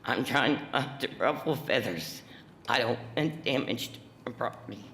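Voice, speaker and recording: A woman's voice: rumbling low, expressive, normal speed, a bit bright. An emotional woman, pleading earnestly during public comment at a council meeting, recorded in an echoey council chamber. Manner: earnest, pleading, plain-spoken. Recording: echoey hall with faint hum.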